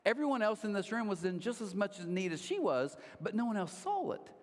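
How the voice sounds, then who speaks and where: A man preaching a sermon, telling stories in a conversational way with animated asides, in a large church auditorium. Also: high voice, fairly quick. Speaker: pastor. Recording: long hall reverb.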